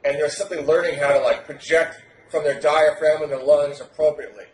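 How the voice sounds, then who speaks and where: Brash, profane male coach, slightly high, projecting hard; roomy echo. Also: fairly even intonation, brisk. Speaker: dating coach. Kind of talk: animated podcast talk. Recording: roomy echo, faint noise.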